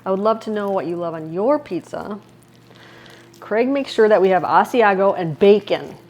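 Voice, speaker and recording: A middle-aged woman from Wisconsin, chatting warmly as she walks viewers through a recipe in her home kitchen. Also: medium pitch, moderate pace. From Wisconsin, USA. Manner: chatty and upbeat, talks viewers through each step. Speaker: cooking vlogger. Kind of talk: casual cooking demonstration.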